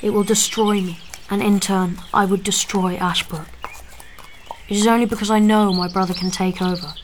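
A man's voice: sits high, level tone, moderate pace, background noise, natural voice. A young man playing an earnest, poetic aspiring composer who is writing to his father. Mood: yearning. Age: young adult.

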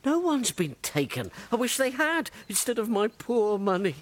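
A man's voice: high voice, sing-song, moderate pace, a little hiss or hum. An actor playing a greedy, miserly old father in a stage comedy, frantic and melodramatic. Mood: wailing.

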